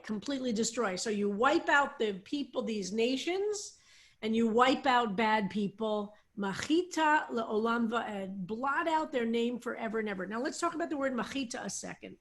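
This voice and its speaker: Woman rabbi teaching a psalm class. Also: fairly high pitch. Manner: explanatory, halting, with many fillers and restarts.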